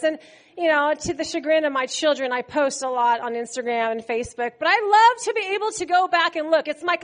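A middle-aged woman preaching a sermon, telling the story in an animated way and acting out quotes with laughter. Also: high-pitched.

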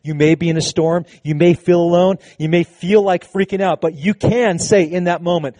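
A man preaching a sermon to his congregation, animated and conversational, with casual asides. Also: sits high, normal speed, dry recording. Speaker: pastor. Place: church service with a congregation.

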